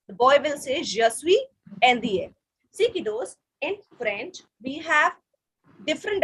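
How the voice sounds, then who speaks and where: A woman teaching French to children in an online video lesson speaks with an Indian English accent, patiently repeating phrases so the kids can echo them. The audio is from a video call, and her voice sits high with a slightly bright quality.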